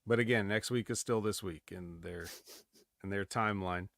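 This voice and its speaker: A man's voice: on the low side, moderate pace, gravelly, fairly bright tone, no echo, clean studio sound. A man co-hosting a podcast, recapping wrestling in a rambling, jokey way and slipping into mock promo voices. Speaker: podcast co-host. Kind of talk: casual wrestling recap chat.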